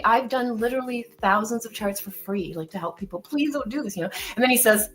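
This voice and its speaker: Woman, casual stream chat, animated storyteller, frequent swearing, acts out her own lines, faint music behind. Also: mid-range voice, fairly quick, hardly any pauses, poor audio. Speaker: stream co-host.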